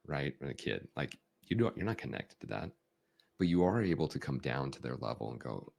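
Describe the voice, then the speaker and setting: A man hosting a podcast, talking through ideas in a conversational coaching style, acting out emotions with big shifts in tone. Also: brisk. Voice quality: deep gravelly husky voice. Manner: animated, acts out emotions with big swings in tone. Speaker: podcast host.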